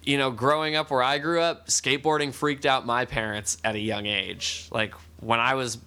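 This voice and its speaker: A man's voice: mid-range voice, fairly even intonation, normal speed, bright, forceful tone. A man in his thirties co-hosting a casual podcast chat, telling stories with plenty of profanity. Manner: profane, storytelling. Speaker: podcast co-host.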